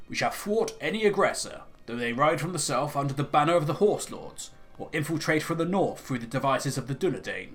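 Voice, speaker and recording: A man voicing a smooth-talking emissary in a game, with a put-on accent and a formal, persuasive manner. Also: medium pitch, a bit bright. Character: smooth-talking male emissary of a dark wizard. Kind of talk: reading game dialogue aloud in character.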